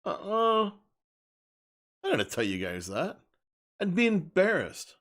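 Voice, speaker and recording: A man's voice: fairly high pitch, wildly swooping pitch, a little slow. A man talking straight to his live-stream viewers in a loose, unscripted rant. He is blunt and emphatic and circles back to repeat his points. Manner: blunt, emphatic, repeats himself while ranting.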